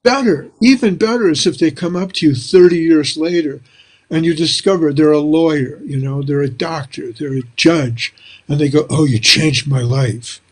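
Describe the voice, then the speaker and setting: An older man, a spiritual teacher and author, tells reflective stories in an animated, chuckling way, speaking over a video call from a small room lined with books. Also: on the high side, moderate pace. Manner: animated, chuckling storyteller who acts out dialogue. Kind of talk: reflective storytelling interview.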